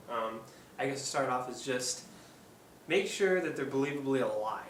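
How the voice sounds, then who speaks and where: A puppeteer and channel host from Oregon, USA, gives a casual how-to tutorial in an animated, mid-range voice at a moderate pace. He rambles and hesitates, with lots of ums and restarts. The echoey room, distant mic, and faint hum come through in the recording.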